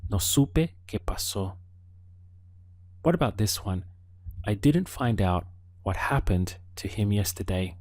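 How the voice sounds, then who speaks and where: A man leads an audio language lesson at an unhurried, careful pace, giving the listener room to answer. His voice sits a little low. The recording is close and dry, with no room sound. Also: lively intonation, a little mellow, dry recording. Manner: slow, patient prompting with pauses for the learner. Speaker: language teacher.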